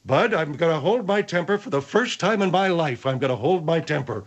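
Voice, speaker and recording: A man's voice: on the high side, animated, dull audio, pitched above the performer's own voice. A man voicing a hot-tempered, blustering man called the General. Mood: angry. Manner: blustering, quick to anger.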